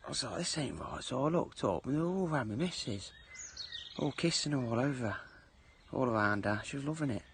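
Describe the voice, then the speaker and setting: A man's voice: medium pitch, animated, a little fast, background noise. A man telling a blunt, matter-of-fact anecdote. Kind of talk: casual anecdote.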